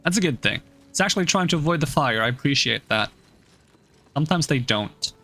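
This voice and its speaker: A man's voice: a little high, lively intonation, brisk, pushed and bright. A male streamer giving casual gameplay commentary, thinking aloud and puzzling over the game's rules.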